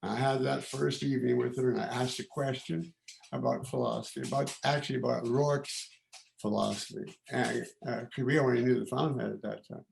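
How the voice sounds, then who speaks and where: A man in his eighties, originally from Canada, giving informal remarks at a celebration in a halting, reflective way, with many pauses and restarts. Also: mid-range voice, fairly even intonation, vocal fry, slight background noise. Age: 80s. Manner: reflective and candid. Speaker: guest of honour giving remarks.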